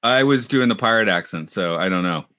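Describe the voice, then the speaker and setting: A man's voice: lowish voice, animated, brisk, pushed and bright, smooth, no room sound, clean studio sound. A man co-hosting a podcast in casual chat, talkative, often laughing and restarting his sentences. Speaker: podcast co-host.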